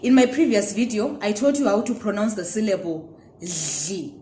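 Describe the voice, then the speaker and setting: A woman from Zimbabwe teaching a pronunciation lesson, drawing out each sound and repeating it clearly for learners to follow. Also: mid-range voice, warm tone, roomy sound, a little hiss or hum. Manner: drawn-out repetitions of sounds, friendly and encouraging. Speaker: language teacher.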